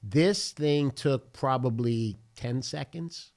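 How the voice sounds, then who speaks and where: Man, pastor, casual chat, earnest storytelling, mid pitch, reenacted dialogue. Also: takes it slowly, a little mellow.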